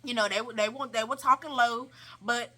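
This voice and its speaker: A young woman vlogger telling a casual, animated story in slangy talk, repeating herself for emphasis. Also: fairly high pitch, a little fast.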